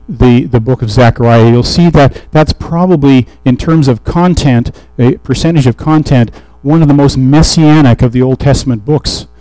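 A man delivering a sermon in a mellow, relaxed voice, reading scripture aloud and then unpacking it in an easygoing, conversational way. The sound is dry and close, with no room around it. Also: medium pitch, dry recording, low-quality recording. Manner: conversational Bible teaching with restarts and fillers. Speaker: preacher.

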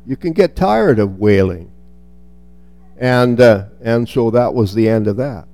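A man's voice: mid-range voice, expressive, a little slow, warm tone, dry recording, faint music behind. A man reading a Bible passage aloud and then commenting on it in a reflective teaching style, with restarts and touches of dry humor.

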